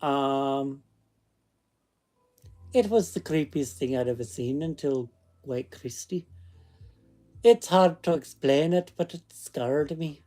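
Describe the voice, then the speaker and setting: A man's voice: a little high, takes it slowly, pauses often, warm tone, faint music behind. A man reading ghost stories aloud in a put-on Scottish accent, chatting casually between passages. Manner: chatty asides that break off the reading. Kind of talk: casual read-aloud storytelling.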